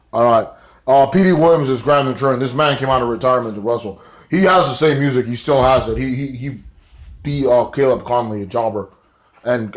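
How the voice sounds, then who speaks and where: In a casual video review, a man with an ordinary middle-pitched voice rambles through a recap of a show. His slang is loose and full of profanity.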